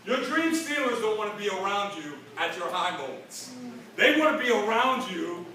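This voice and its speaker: Middle-aged male motivational speaker, high-pitched and punchy, heard from a distance in an echoey convention hall. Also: slight background noise. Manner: energetic, fast-shifting, acts out dialogue, frequent "right?". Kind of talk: convention stage speech. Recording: echoey hall recording from far off.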